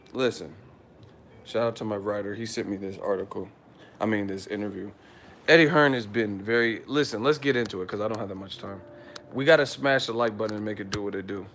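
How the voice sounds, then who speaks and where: A man in a hotel room doing a casual, hyped-up boxing vlog rant, brash and teasing, swearing freely and swinging between loud hype and low muttering. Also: fast, a little hiss or hum. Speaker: boxing commentary vlogger.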